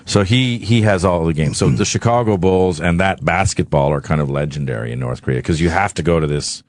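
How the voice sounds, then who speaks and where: Low-voiced guy rambling thru a story on a radio show, cussing, dry close mic. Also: fairly quick, no echo. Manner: rambling, profane, animated. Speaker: studio guest. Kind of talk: casual storytelling on talk radio.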